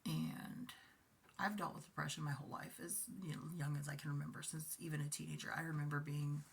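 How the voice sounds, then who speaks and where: A woman in her forties talks through a personal confessional vlog, her voice low and gravelly with a husky edge. She speaks softly and haltingly, often dropping toward a whisper. She sounds emotional and close to tears. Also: flat delivery. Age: 40s. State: emotional, tearful at times. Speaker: vlogger.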